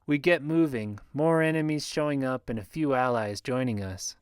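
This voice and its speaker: Smooth, dry-voiced male audiobook narrator. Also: mid-range voice, moderate pace, no room sound. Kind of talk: scripted first-person fantasy narration.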